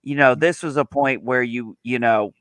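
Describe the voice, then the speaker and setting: A man with a bright, crisp voice leading a relaxed panel discussion. He is animated and laughs easily as he steers the conversation. His voice sounds dry and close. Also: mid-range voice, moderate pace, no room sound. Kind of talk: casual livestream panel chat.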